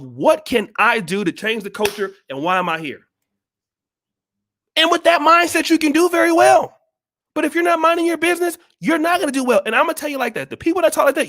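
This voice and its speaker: Male vlog host, very high voice, preachy and forceful, tough-love rant. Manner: blunt, scolding, repeats rhetorical questions. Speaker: channel host. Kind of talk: blunt motivational monologue.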